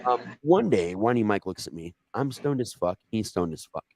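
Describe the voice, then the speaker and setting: A man's voice: on the low side, normal speed, no room sound. A man from Ohio telling a casual anecdote, swearing freely and acting out the dialogue as he goes. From Ohio, USA. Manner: profane, animated, acts out quoted dialogue. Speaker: storyteller guest.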